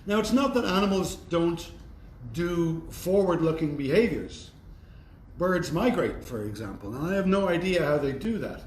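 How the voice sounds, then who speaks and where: A man's voice: a little high, lively intonation, moderate pace. A man giving a university lecture in a thoughtful, conversational way with wry asides. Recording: roomy echo, faint background noise.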